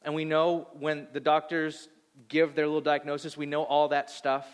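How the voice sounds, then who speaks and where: Animated male preacher in a reverberant hall. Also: fairly high pitch, moderate pace, clean tone. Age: 30s. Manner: animated, acts out voices, swings loud and soft. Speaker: pastor. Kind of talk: sermon.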